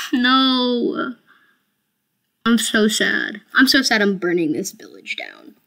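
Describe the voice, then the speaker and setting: A woman's voice: a little high, expressive, takes it slowly, creaky, bright, forceful tone. A woman streaming a game, talking casually to viewers in a chatty, self-mocking and playfully dramatic way. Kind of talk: casual gameplay commentary.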